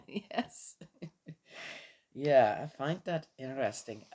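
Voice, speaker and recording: A woman in her fifties talks through a casual morning vlog, still a little tired. Her voice sits low and she takes her time, rambling from one thought to the next and chuckling often. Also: very animated, takes it slowly, pauses often, darkish tone. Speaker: vlogger.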